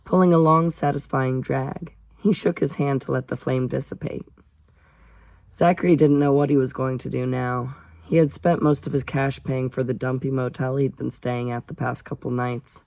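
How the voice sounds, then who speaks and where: Gravelly man casually reading a novel aloud. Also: medium pitch, steady tone, normal speed, darkish tone, no echo, low-quality recording. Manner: chatty asides, jokes about own stumbles. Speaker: audiobook reader.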